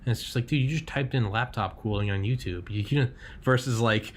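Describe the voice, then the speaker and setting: A man's voice: mid-range voice, a little fast, slight background noise. A man hosting a podcast in casual chat, rambling and leaning on fillers and swearing. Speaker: podcast host.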